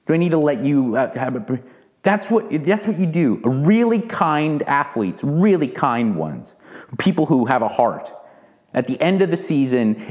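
A man's voice: medium pitch, a little mellow. A man hosting his own podcast, ranting heatedly and cursing often, repeating words as he builds up steam. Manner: heated, profane, repeats words when worked up. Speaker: podcast host. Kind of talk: ranting monologue.

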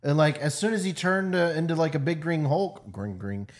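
A man co-hosting a casual movie review podcast, chiming in with quick reactions and side comments. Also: fairly high pitch. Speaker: podcast co-host.

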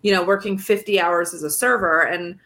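A woman's voice: fairly low pitch, fairly quick, bright, forceful tone. A woman from the Midwestern US co-hosting a podcast, asking curious questions in a casual chat full of fillers. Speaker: podcast co-host.

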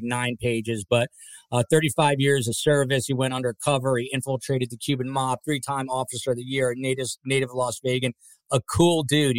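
Male podcast host, conversational and rambling, mid-pitched voice, dry close sound. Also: no echo. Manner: chatty, rambling asides while reading viewer comments. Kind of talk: live podcast panel hosting.

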